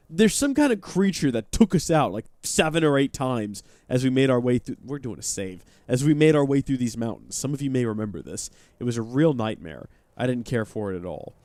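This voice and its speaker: A man's voice: medium pitch, darkish tone, no room sound. A man chatting and joking while playing a game live, talking to his viewers. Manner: chatty, joking, reads chat aloud. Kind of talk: live let's-play commentary.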